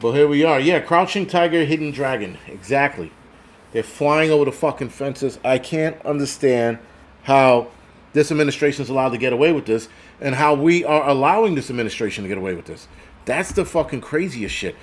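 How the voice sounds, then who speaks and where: A man's voice: medium pitch, expressive, brisk. A man in his forties hosting a casual livestream, ranting bluntly and profanely and reading out viewer comments. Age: 40s. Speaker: host.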